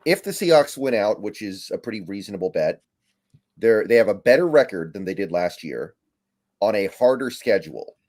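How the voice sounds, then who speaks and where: A man's voice: lowish voice, very animated, normal speed, darkish tone. A man giving blunt, matter-of-fact takes as a guest analyst on a sports talk stream.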